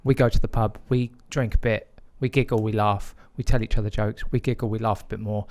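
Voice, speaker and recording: A man who is a podcast guest, telling a story in a reflective way, with frequent pauses and restarts. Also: fairly low pitch, fairly even intonation, darkish tone. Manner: hesitant, many fillers and restarts, reflective. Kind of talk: conversational storytelling.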